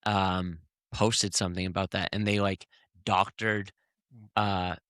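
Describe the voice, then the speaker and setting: A man co-hosts a casual podcast, his voice sitting low but sounding bright and forceful. He talks heatedly, stumbling and restarting as he searches for words. The sound is close and dry. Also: little pitch movement, dry recording. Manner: heated, halting, many restarts. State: hiccups. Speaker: podcast co-host.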